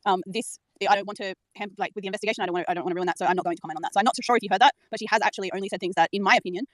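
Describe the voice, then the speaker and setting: A woman in a group audio chat, speaking hesitantly with many fillers and trying to calm things. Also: medium pitch, racing, dry recording. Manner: hesitant, filler-heavy, placating. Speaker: web sleuth in group chat.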